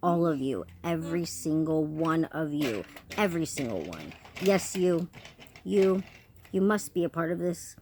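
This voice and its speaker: A woman's voice: sits low, lively intonation, unhurried. A woman relaying prophetic messages in a fervent, repetitive, emphatic way, sometimes stopping to restart. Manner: restarts and corrects herself mid-message. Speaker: self-described prophetic channel. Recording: loud clicking noise behind voice. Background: noisy clicking toy sounds.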